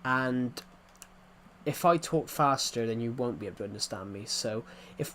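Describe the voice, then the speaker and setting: A man's voice: medium pitch, normal speed, a bit bright, a little hiss or hum. A young man from England with an English accent, chatting casually while live-streaming a game, rambling, repeating himself and restarting his sentences.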